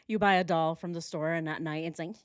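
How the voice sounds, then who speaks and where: A woman's voice: low voice, fairly even intonation, brisk, clean tone, dry recording, clean studio sound. A woman hosting a casual reaction stream, chatting with viewers and laughing often. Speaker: host.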